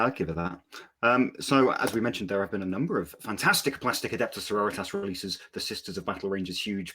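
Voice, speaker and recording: Husky-voiced quick male stream host. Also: fairly low pitch, fairly bright tone. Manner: smooth, scripted-sounding questions. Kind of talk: live stream preview chat.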